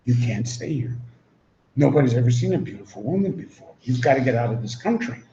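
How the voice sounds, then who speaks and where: A man voicing an ancient male king who hurries a guest out of his land in a low, confiding, rushed way. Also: big pitch swings, warm tone. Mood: urgent. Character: blunt anxious ancient king Pharaoh, man. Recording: roomy, dull recording, faint hum.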